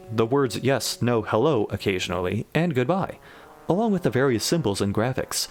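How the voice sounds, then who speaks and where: A man reads an absurd story aloud in a deadpan, mid-pitched voice. He breaks in now and then with dry, wry comments. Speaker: reader of a generated story. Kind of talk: deadpan comic reading with asides.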